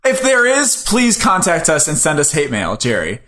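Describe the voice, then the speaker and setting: A fairly high-voiced man with a bright, forceful tone, chatting loosely as a podcast co-host. He rambles and makes fun of himself. The room around him rings with a noticeable echo. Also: huge pitch swings, moderate pace. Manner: rambling, joking, self-deprecating. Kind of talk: casual podcast chat. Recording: roomy echo.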